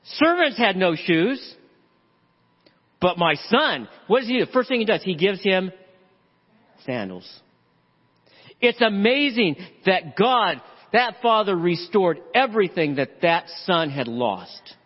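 A man preaching a sermon as pastor, animated and acting out voices in the story. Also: high voice, slow, pauses often, slightly rough. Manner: animated preaching, acts out the father's voice. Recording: dull lo-fi audio with long hall reverb.

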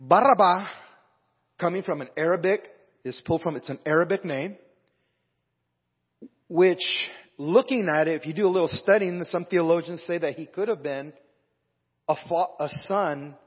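A man's voice: on the high side, moderate pace, long pauses, slightly rough. A man preaching a sermon to a congregation in a conversational way, breaking off the reading to talk to the room. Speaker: pastor. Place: church hall with live band. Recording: dull lo-fi recording with long hall reverb.

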